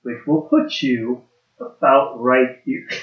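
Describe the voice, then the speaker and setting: A man narrating a tabletop game as game master, describing scenes haltingly with many restarts. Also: mid-range voice, big pitch swings. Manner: hesitant, lots of "like" and restarts while describing. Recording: roomy, dull lo-fi recording.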